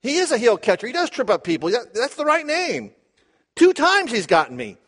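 A man teaching the Bible verse by verse, animated, asking his listeners questions and acting out the quotes. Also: very high voice, a little fast, husky. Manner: animated, asks the audience questions, acts out quotes.

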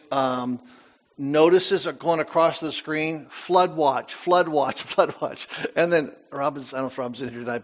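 An older man preaching a sermon, animated, with rhetorical questions and asides to the congregation. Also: on the high side. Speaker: pastor.

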